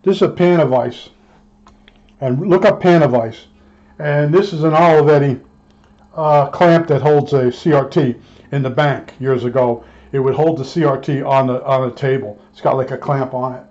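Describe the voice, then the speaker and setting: Speaking at a moderate pace in a medium-pitched, darkish voice, a man spins a long, casual yarn about being an electronics technician. He rambles and plays both parties in past arguments. The audio is dull and lo-fi.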